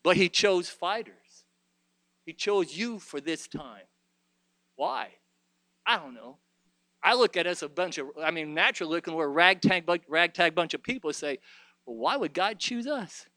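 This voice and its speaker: A man preaching a sermon, alternating between loud exhortation and quiet reflection, often stumbling and restarting his phrases. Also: a little high, moderate pace, pauses often, no room sound.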